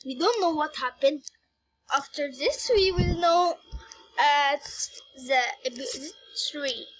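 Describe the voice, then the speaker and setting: Woman reading her own story, really high voice, slow, keeps stopping to fix stuff. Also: slight background noise. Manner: halting, restarting, stopping to correct herself.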